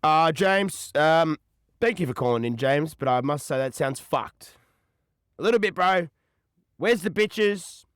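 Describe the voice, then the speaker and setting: A man's voice: on the high side, expressive, measured pace, a bit bright, clean tone, dry recording, studio quality. A young Australian man hosting a call-in podcast, rambling in slang and ending lines with "cuz" and "bro.". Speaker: podcast host. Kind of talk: casual chat answering callers.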